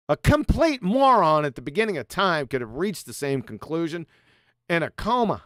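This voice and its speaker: A man's voice: a little high, sing-song, moderate pace, a bit bright, dry recording, studio quality. A middle-aged man hosting a livestream, lecturing sarcastically and firing off rhetorical questions. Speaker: show host. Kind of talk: lecture-style livestream monologue.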